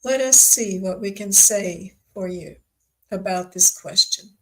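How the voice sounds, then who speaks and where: A woman speaking as a group of spirit guides, giving measured, reassuring messages in a spiritual channelling session. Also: mid-range voice, bright, forceful tone, poor audio. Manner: slow, measured, reassuring pronouncements.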